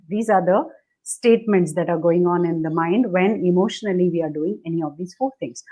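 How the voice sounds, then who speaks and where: A woman's voice: on the low side, normal speed, darkish tone, dull audio. A woman coaching on relationships, dictating step by step over a video call and acting out the attitudes she describes. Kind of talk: instructive conversation.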